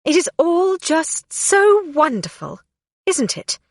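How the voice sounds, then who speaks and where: A woman's voice: very high voice, sing-song, slow pace, dry recording, clean studio sound, exaggerated voice. A woman reading an audiobook, voicing a proud, bitter female fairy ruler who speaks in a commanding, impatient way.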